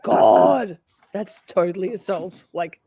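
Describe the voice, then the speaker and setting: A woman's voice: medium pitch, expressive, moderate pace, a little mellow. A woman hosting a livestream, chatting casually with her viewers in a playful, mock-offended way and laughing often. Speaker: livestream host commenting on a trial. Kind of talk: casual chat to a live chat.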